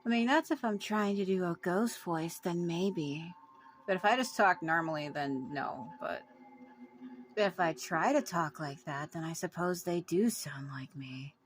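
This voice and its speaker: A woman's voice: fairly low pitch, unhurried, a little hiss or hum. A woman giving casual let's-play commentary as a gameplay video creator, blunt and swearing freely, yelping at jump scares, recorded on a phone.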